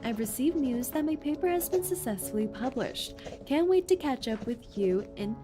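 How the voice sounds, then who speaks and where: A woman's voice: sits high, animated, moderate pace, over music. A woman streamer chatting playfully and reading game text aloud during a gameplay stream. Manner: playful and giggly, jokes around.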